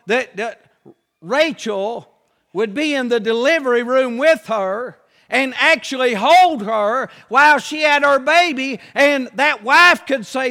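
A man preaching a folksy, emphatic sermon that rises to shouts. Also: extremely high pitch, slow, in a large hall.

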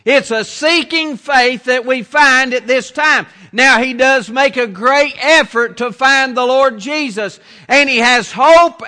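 A man preaching a sermon as pastor, slow and deliberate, repeating his phrases. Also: extremely high pitch, pushed and bright, big-room sound.

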